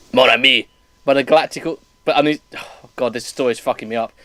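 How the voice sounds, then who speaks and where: Speaking fast at a medium pitch, a man performs a comedic dramatic reading of bad fan fiction with commentary. Laughter keeps breaking through, and he often stumbles over the words.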